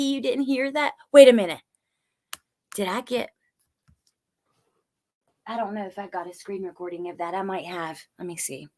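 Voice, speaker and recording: A woman hosting a casual livestream, recapping trial notes and answering viewers' chat in a chatty way. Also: medium pitch. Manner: chatty, reacts to viewer comments, swears when angry. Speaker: true crime livestream host.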